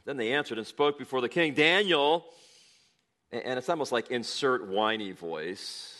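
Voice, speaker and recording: Guy preaching from the bible, bright voice, jumps in with chatty little asides. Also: mid-range voice, normal speed. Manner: animated, with chatty asides and chuckles. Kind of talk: expository sermon reading scripture.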